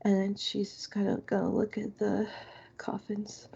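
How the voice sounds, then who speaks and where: A woman playing a tabletop game, describing her character's actions in a soft, hesitant way with many pauses, on muffled audio. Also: mid-range voice, completely flat delivery, gravelly, husky. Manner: hesitant, lots of ums, soft.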